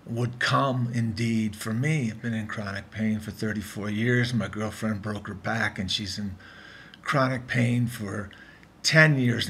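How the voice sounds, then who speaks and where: In his apartment, a vlogger in his fifties talks at a measured pace through a casual video diary, earnest and rambling, cutting himself off and beginning again. His lowish voice has a fairly bright tone, and there's a little hiss or hum.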